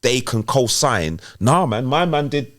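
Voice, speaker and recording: A man's voice: mid-range voice, expressive, a little slow, fairly bright tone. A man, a rapper guest on a podcast, making his points emphatically and persuasively in casual chat.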